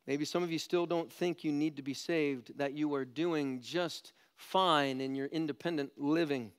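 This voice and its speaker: A man preaching a sermon as pastor, animated and jokey, climbing to loud pleading peaks. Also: fairly high pitch, a little slow, smooth.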